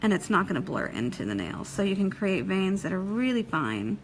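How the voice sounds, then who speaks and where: A woman's voice: mid-range voice, very animated, normal speed, rough recording. A chatty woman talks through a live nail-art demonstration in a casual, folksy way. She laughs easily and keeps checking in with her viewers. A faint hiss sits under her voice. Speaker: nail technician teaching a live demo.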